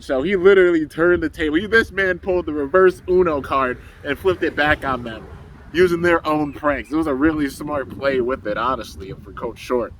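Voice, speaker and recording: A young anime reviewer casually recaps a cartoon episode, rambling, laughing often and acting out the characters' lines. His voice is on the high side at a normal speed, and the recording is rough.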